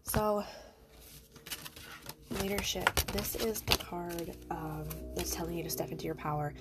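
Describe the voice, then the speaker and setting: A woman's voice: on the low side, a little slow, very noisy. A congested, stuffed-up woman hosting a podcast oracle card reading, chatty and encouraging as she talks straight to her listeners.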